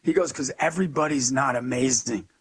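A youth speaker being interviewed as a guest tells stories with energy and emphasis, acting out the people he quotes. His mid-range voice is slightly rough and fairly quick.

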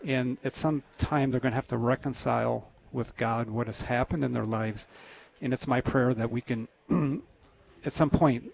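Man, gravelly voice, radio guest, halting, earnest, lots of restarts. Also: medium pitch, fairly even intonation, a little mellow, a little hiss or hum. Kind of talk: casual testimony on a radio show.

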